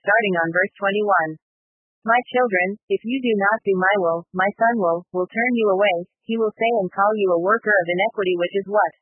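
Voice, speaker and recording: High husky guy reading a prophecy message real solemn, dry lo-fi phone sound. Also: no room sound. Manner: solemn, repetitive, addresses listeners as children. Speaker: prophetic messenger.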